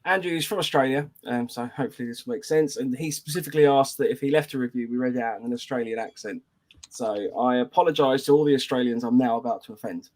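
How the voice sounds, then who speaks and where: A man's voice: medium pitch, fast talker, a little mellow. A man co-hosting a podcast, chatting casually and rambling with frequent restarts. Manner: rambling, many fillers and restarts. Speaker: podcast co-host.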